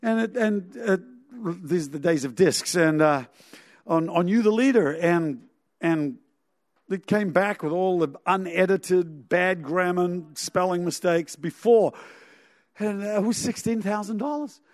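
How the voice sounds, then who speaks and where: Lively storytelling preacher, man. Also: high voice, unhurried, no room sound. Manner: animated storyteller with sound effects and chuckles. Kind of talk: sermon storytelling.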